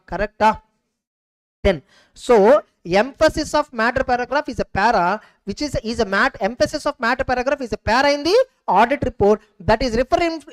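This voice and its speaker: A man's voice: extremely high pitch, low-quality recording. A man with an Indian English accent giving a recorded exam revision lecture, repeating key points and asking rhetorical questions. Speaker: exam coaching tutor.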